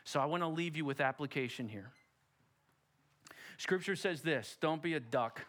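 A man's voice: fairly high pitch, unhurried, long pauses, a bit bright. A middle-aged pastor preaching a sermon in a church, direct and emphatic, putting rhetorical questions to his congregation. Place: church sanctuary.

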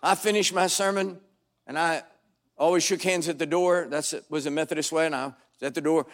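Older male preacher; wry, dramatic storyteller, fairly high voice, punches up key lines. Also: steady tone, a little fast. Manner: wry, dramatic storytelling with sudden loud bursts. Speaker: pastor. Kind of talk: storytelling sermon. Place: church sanctuary before a congregation.

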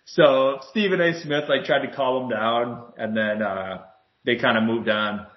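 A man co-hosting a casual sports chat, animated and swearing a lot as he retells a heated argument. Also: medium pitch, a little slow. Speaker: podcast co-host. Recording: roomy, dull lo-fi sound.

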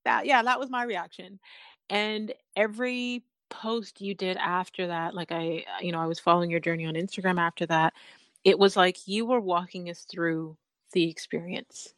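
Woman, podcast host, fairly low voice, dry close sound, earnest, emotional, quick to laugh. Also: steady tone, a bit bright, dry recording. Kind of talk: casual interview chat.

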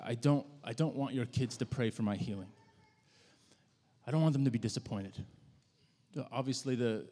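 A man preaching to his congregation in an easy, story-telling way, stumbling and repeating words as he gathers his thoughts. His voice sits at an ordinary middle pitch. It rings out with a long reverb, as in a large church sanctuary. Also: a little mellow. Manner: conversational, halting with frequent restarts. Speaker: pastor. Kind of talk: sermon storytelling.

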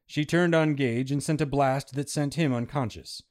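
A man's voice: medium pitch, normal speed, a little mellow. A man reading a story aloud with dramatic narration. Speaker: story reader.

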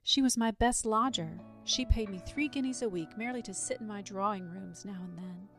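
Storybook landlady, deferential and chatty, gravelly edge, read by a woman. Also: mid-range voice, moderate pace, fairly bright tone, faint music behind, lightly acted. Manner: deferential, saying sir often. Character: respectable middle-aged landlady, talkative.

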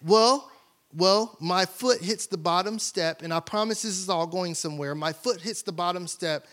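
A man's voice: high-pitched, moderate pace, a bit bright. A middle-aged male pastor preaching a sermon, telling family stories and acting out their voices. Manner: storytelling, acts out family voices.

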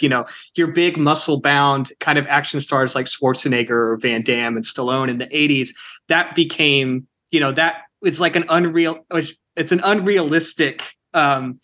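A man's voice: a little high, pushed and bright. A man from Kansas, a film director answering interview questions in a chatty way, full of "you know" and "like". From Kansas, United States.

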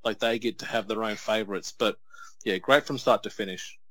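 A man, co-hosting a podcast in a relaxed, enthusiastic way with lots of fillers. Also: lowish voice, fairly quick, dry recording. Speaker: podcast co-host. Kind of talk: casual chat.

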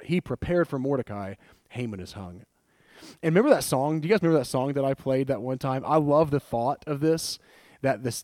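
Animated conversational male preacher. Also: medium pitch, dry recording, studio quality. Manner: animated, conversational, laughs often, retells scripture with acted quotes. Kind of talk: sermon.

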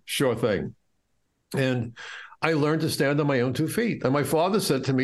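A middle-aged man from the United States speaks as an interview guest in a mid-pitched voice. He tells his stories with an impassioned, indignant edge. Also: moderate pace. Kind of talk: storytelling in an interview.

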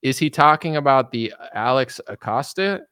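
A man's voice: mid-range voice, animated, moderate pace, pushed and bright, smooth, no echo, studio quality. A man giving a blunt, sarcastic political commentary rant, mocking and casual.

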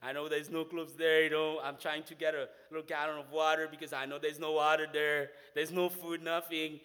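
A man's voice: on the high side, a little fast. Haitian man telling his story in a hall. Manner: animated storytelling, often says "man". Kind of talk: personal faith testimony. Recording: long hall reverb.

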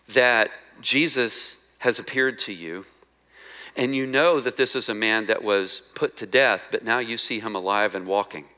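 A male pastor delivering a sermon with a bright, forceful tone. He preaches in a conversational way, putting rhetorical questions to the congregation. He acts out the lines he quotes and goes quieter and slower when reading scripture. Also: mid-range voice.

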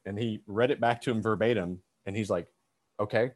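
A man's voice: fairly low pitch, steady tone, fairly quick, darkish tone. A man co-hosting a casual debate podcast, talking animatedly, acting out quotes and swearing freely. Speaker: podcast co-host.

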